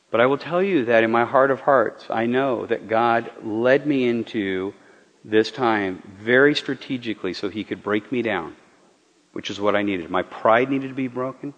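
A pastor delivers a personal sermon testimony, earnest and confessional, often halting and repeating himself as he searches for words. His voice rings out with a long reverb tail in a large church hall. The recording is somewhat muffled and lo-fi. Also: lowish voice.

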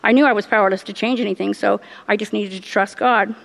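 A middle-aged woman giving a personal faith testimony, earnest and halting, laughing often as she tells it. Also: medium pitch, fairly even intonation, vocal fry, in a large hall. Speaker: church member giving testimony.

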